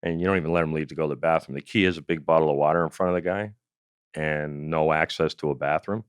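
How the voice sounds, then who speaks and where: A man's voice: a bass voice, fast talker, clear, resonant tone, no echo, clean studio sound. A middle-aged man from Canada, a comedian telling a profane story in an interview and acting out quotes. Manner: animated, profane anecdotal storytelling with acted-out quotes. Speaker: comedian and former investigator, guest.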